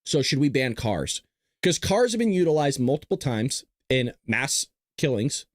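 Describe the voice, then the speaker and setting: A man hosting a live stream, talking to the chat in a blunt, casual, combative way and often clearing his throat. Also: medium pitch, very animated, measured pace, no echo, studio quality. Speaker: show host. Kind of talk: livestream commentary to a chat.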